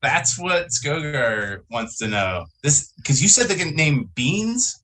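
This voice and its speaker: A man taking part in a tabletop game, with a bright, sharp tone in his middle voice. He talks hesitantly, thinking aloud about his character. A faint noise sits under the recording. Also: on the high side, sing-song, slow pace. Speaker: player. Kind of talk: casual tabletop game chat.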